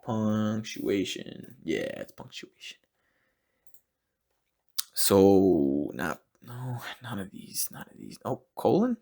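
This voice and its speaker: A young man talks alone on his podcast in a low, gravelly voice with a husky edge. He rambles and swears freely, and he often laughs at his own jokes. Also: very animated, slow, long pauses, mellow. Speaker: podcast host. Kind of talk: casual solo podcast monologue.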